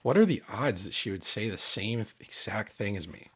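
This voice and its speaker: A man's voice: on the low side, expressive, normal speed, breathy edge. A man hosting his channel, talking casually and emphatically, aggrieved and repeating his points. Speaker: channel host. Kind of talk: casual commentary.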